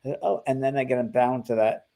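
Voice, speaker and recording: An older man talking casually as co-host of a spiritual show, with a gravelly edge to his mid-range voice. He is animated and slips into little acted-out dialogues as he goes. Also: mid-range voice, fast. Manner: animated, acts out quoted exchanges in lively voices. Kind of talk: casual conversational chat.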